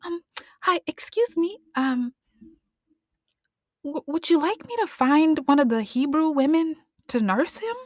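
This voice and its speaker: Lady putting on a high squeaky little sister voice, breathless and rushing, dry close sound. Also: expressive, no echo. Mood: timid, polite. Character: eager young girl, a big sister.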